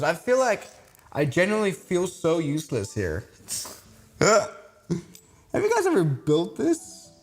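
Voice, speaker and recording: A young man with a Swiss accent chatting casually to viewers on a live stream while struggling to build a model kit, self-mocking and exasperated. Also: sits high.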